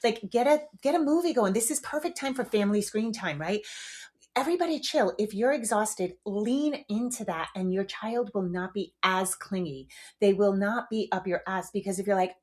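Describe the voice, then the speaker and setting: On her casual solo podcast, a middle-aged woman host speaks frankly and chattily, dropping a swear here and there. Her voice is mid-range and a little mellow, with lively intonation at a moderate pace.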